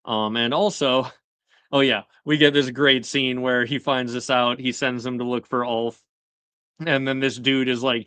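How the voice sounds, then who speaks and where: A man casually recapping a TV episode for his show, chatty with lots of fillers and quick paraphrased quotes. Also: mid-range voice, sharp tone, clear, resonant tone, no room sound. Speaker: show host.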